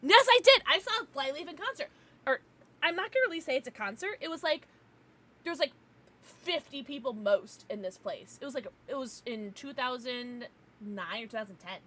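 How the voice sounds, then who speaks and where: Bubbly, bright-voiced woman streamer. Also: a little high, expressive, moderate pace, a little hiss or hum. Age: adult, parent. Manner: giggly, playful, teasing outbursts. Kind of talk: casual livestream chat, reading chat.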